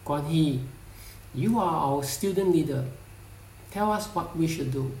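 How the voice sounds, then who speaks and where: A man's voice: on the high side, lively intonation, measured pace, darkish tone, echoey room, distant mic, a little hiss or hum, low-quality recording. A man voicing an earnest young male student in a read-aloud story. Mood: pleading.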